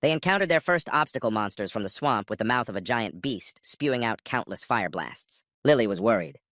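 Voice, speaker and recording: A man's voice: lowish voice, animated, a little fast, a bit bright, no echo, studio quality. A man narrating a comic story recap in a scripted way, jumping into character lines now and then.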